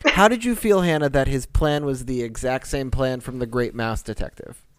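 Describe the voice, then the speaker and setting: Male podcast co-host, smooth and resonant, wry and questioning in a casual chat. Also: mid-range voice, normal speed, no echo, clean studio sound. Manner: wry, asks probing questions.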